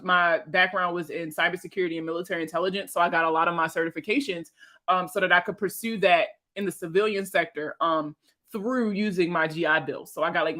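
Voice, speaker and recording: Bright-voiced woman chatting casually on a livestream. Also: lowish voice. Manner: rambling, profane and laughing. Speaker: personal finance creator and veteran.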